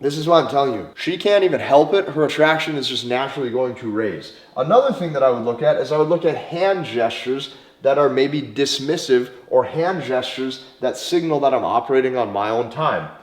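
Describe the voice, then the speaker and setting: A man's voice: medium pitch, expressive, brisk. Emphatic man coaching in an echoey room. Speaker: dating coach. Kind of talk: direct advice monologue. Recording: roomy echo.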